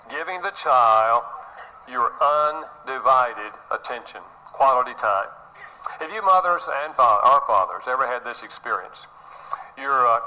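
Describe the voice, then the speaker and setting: A man's voice: medium pitch, pushed and bright, low-quality recording. A middle-aged man giving an earnest sermon-style talk, often repeating words and acting out little scenes. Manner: earnest, repeats himself, acts out quotes. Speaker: speaker on parenting.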